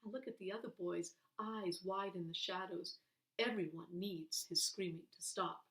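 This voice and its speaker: A woman's voice: fairly low pitch, steady tone, moderate pace, a bit bright, roomy sound, low-quality recording. A woman reading a children's novel aloud, voicing the characters with expression. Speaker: reader.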